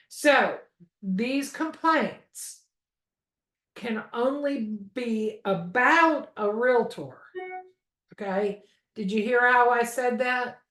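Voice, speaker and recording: A woman instructor teaches a real estate course in a chatty, conversational way and often checks in with "okay?". Her voice sits a little high. The recording carries the echo of a roomy space at home. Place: home room. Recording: echoey room.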